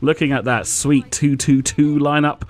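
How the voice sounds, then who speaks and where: A man's voice: a little high, steady tone, normal speed. A man, co-hosting a casual gameplay critique show and dryly teasing his co-host while explaining tactics. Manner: dry, teasing critic who lectures on tactics.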